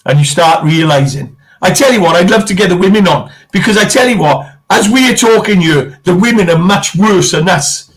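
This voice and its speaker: A man's voice: sits high, lively intonation, a little fast. A middle-aged man from England co-hosting a casual chat, telling boisterous stories and swearing freely. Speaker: co-host.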